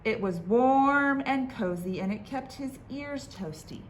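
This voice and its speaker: Brief: a woman librarian at storytime, reading aloud slowly with a lively, sing-song voice. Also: sits high, slight background noise. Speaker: children's librarian.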